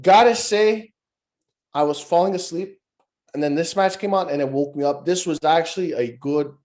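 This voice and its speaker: A man's voice: fairly high pitch, normal speed. Ranting, foul-mouthed podcast host man. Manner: profane, rambling, animated ranting. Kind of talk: casual wrestling review chat.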